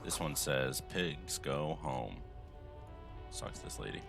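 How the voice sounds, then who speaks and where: A man's voice: rumbling low, animated, slow, vocal fry, over music. A man streaming a detective game, reading along with laid-back, amused asides. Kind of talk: casual game commentary.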